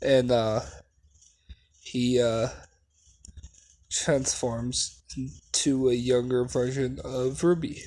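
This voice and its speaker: A man improvising and narrating a fan story, halting often with fillers and laughing at his own slips. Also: mid-range voice, fairly even intonation, a little mellow, poor audio. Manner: halting, full of fillers, self-deprecating.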